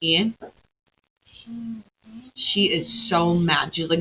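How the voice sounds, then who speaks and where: A woman's voice: lowish voice, normal speed, pushed and bright, slight background noise, rough recording. A woman teacher reading a novel aloud to her class and explaining it to the pupils as she goes.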